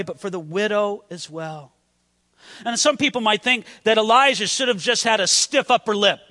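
A man preaches with passion, his voice very high and bright. He addresses his listeners directly and acts out the prayers in his story. His words ring out in a room with a long, lingering reverb. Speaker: pastor. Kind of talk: sermon.

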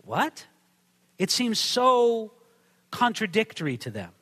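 A man preaching a sermon, reading scripture and acting out the quotes with sudden shouts and hushed drops. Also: expressive, normal speed, in a large hall. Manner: dramatic, acts out quotes with big swings in pitch and volume. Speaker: pastor. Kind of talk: expository sermon.

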